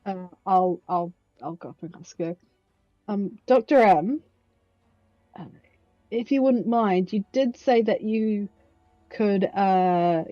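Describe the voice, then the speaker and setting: A woman's voice: medium pitch, dull audio. A woman playing a tabletop game, speaking in character in a joking, hesitant way. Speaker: player. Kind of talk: playful tabletop role-play.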